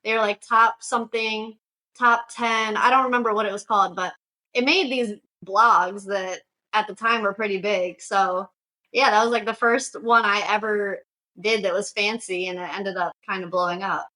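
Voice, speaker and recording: A woman's voice: mid-range voice, steady tone, moderate pace, pushed and bright, rough recording. A young woman from Syracuse, New York, talking casually as a guest about her shoe business, with lots of "like" fillers. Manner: chatty, frequent "like" fillers, storytelling. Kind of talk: casual interview conversation.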